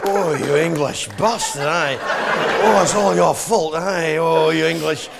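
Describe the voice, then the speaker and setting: A man putting on a Scottish man who groans insults in soft, breathy moans, with a crowd heard behind. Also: fairly high pitch, measured pace, heavy background noise. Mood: moaning. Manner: breathy moaning. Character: moaning, pleasured Scotsman. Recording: live comedy club crowd.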